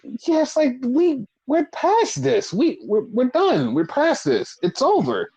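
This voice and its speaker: A man co-hosting a podcast, casually recapping wrestling in animated, profane storytelling that acts out the quotes. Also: very high-pitched, takes it slowly, husky. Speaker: podcast co-host. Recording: dull lo-fi podcast audio.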